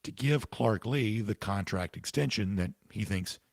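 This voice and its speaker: A man's voice: on the low side, normal speed, vocal fry, no room sound. A man hosting a sports talk podcast, answering listener comments with casual, emphatic, opinionated commentary while he has the hiccups.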